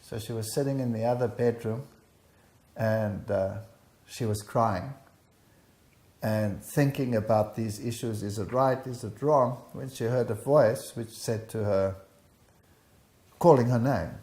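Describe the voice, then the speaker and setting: An older man gives an interview, animatedly recounting a personal testimony and acting out the dialogue as he tells it. His medium-pitched voice moves at a measured pace with long pauses, and the recording has a roomy echo.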